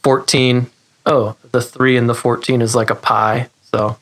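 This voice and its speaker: A man's voice: medium pitch, level tone, a little slow, a bit bright. A man who builds guitar pedals, a guest on a podcast, talking in a rambling, self-deprecating way with easy laughs. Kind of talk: casual interview chat.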